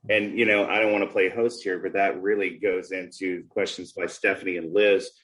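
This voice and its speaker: A man hosting a literacy podcast, telling classroom stories in a lively, conversational way and acting out the voices he quotes. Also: sits low, moderate pace, poor audio. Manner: animated storyteller, acts out quoted voices. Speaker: podcast host, former reading specialist.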